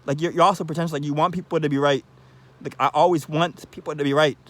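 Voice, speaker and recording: Rambling, halting man, slightly high voice. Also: fairly even intonation. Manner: repeats "I love you" often, halting restarts, sudden soft asides; laughs briefly between thoughts. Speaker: vlogger. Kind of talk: rambling monologue to camera.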